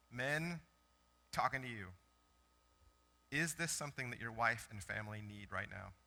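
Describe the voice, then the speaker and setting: Man, pastor, very bright voice, chatty animated sermon, church. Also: medium pitch. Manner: conversational, animated storytelling with self-corrections. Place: church sanctuary.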